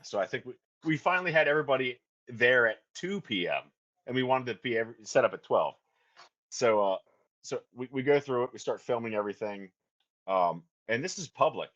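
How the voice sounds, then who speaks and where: A male rock vocalist at a medium pitch recounts events in a casual podcast chat, swearing freely and chuckling through the tale. The recording sounds dull and lo-fi. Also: a little fast. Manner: profane, laughing, animated storyteller. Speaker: band vocalist and guest.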